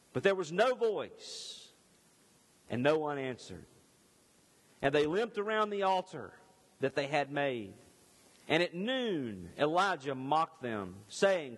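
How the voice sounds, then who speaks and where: Preacher, male, high voice, expressive sermon delivery, long hall reverb. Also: a little slow. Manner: expressive preacher, rising and falling emphasis. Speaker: pastor. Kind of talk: sermon with scripture reading.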